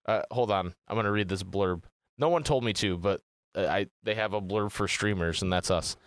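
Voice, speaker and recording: A man's voice: on the low side, normal speed, no room sound, studio quality. A man co-hosting a gaming podcast in casual chat, rambling and swearing freely. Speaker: podcast co-host.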